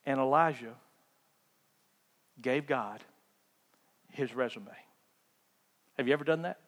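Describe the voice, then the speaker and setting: A man preaching a sermon, telling the story with animated swings between loud emphasis and hushed asides. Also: medium pitch, takes it slowly, pauses often. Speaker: pastor. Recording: hall reverb.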